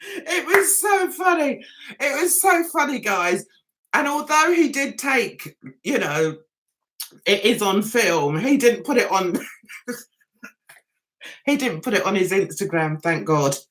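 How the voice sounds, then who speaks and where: A middle-aged woman chats on her livestream in a high, bright voice. Her pitch swoops up and down as she tells the story. She giggles between lines. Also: very animated, slow pace, long pauses. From England. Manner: giggly, chatty storyteller, laughs often. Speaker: livestream host. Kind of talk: casual livestream chat.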